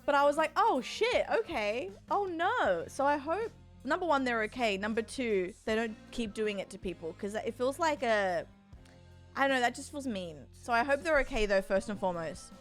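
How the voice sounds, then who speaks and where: Bubbly Australian woman streamer, high voice. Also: animated, soft background music. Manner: bubbly and chatty, quick swings up in pitch. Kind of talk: casual chat with viewers.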